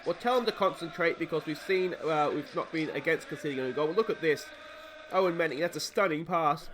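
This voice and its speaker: A man's voice: on the high side, brisk, background noise. Australian man commentating his football game. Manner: rambling, excitable on goals. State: hoarse from a cold. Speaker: let's play host.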